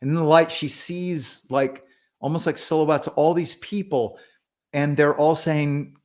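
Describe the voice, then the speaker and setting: A man's voice: fairly high pitch, measured pace. A man, a pastor and author as a podcast guest, retelling accounts earnestly and acting out the voices of the people in them. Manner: earnest, animated retelling with quoted dialogue. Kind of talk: storytelling in a podcast interview.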